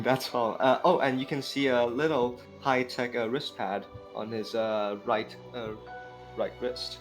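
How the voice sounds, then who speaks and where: A man's voice: medium pitch, steady tone, unhurried, faint music behind. A man talking as a player in an online tabletop role-playing game, hesitant and full of fillers. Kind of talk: tabletop role-play chat.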